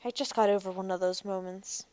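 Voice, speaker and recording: A woman voicing a restless, moody young woman from a storybook, teasing and quick to turn sarcastic. Her voice rides a little high and lively, recorded close and dry. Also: dry recording, lightly acted. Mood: troubled.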